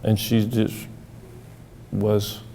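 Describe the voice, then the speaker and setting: A man telling stories from his therapy cases, halting and repeating words as he acts out quoted dialogue. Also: on the low side, little pitch movement, mellow, a little hiss or hum. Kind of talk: storytelling talk.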